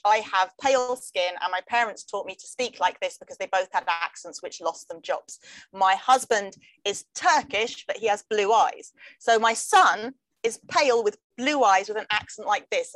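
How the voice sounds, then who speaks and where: A middle-aged English woman, a comedian, talking in a wry, jokey way with quick asides in casual conversation. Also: medium pitch, fairly bright tone, no room sound, poor audio. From England. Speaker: comedian guest. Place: London.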